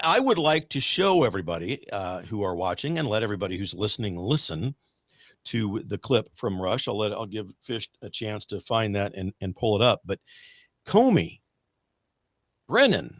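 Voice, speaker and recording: A man's voice: medium pitch, a bit bright, no room sound, studio quality. Rambling talk-show host, man. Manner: rambling, with many fillers and restarts. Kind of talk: casual talk-radio monologue.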